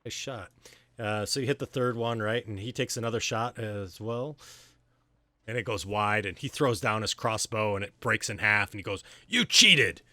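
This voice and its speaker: A man narrates a tabletop session as game master, relaxed and rambling with frequent fillers. His voice sits a little low but sounds bright and forward. The room is dry, with no echo. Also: normal speed. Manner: easygoing, many fillers and restarts.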